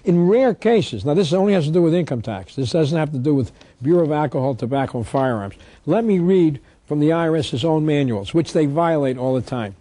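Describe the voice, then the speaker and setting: Animated and brisk, this tax protest lecturer has a mellow, higher-pitched voice recorded without echo. He delivers an emphatic instructional talk, reading out statutes and answering his own rhetorical questions.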